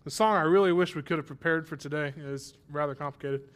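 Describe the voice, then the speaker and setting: A man's voice: fairly high pitch, quick pace, fairly bright tone. A man in his thirties preaching a sermon, self-deprecating and conversational, then rising to emphatic praise. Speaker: pastor. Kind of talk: sermon with personal story.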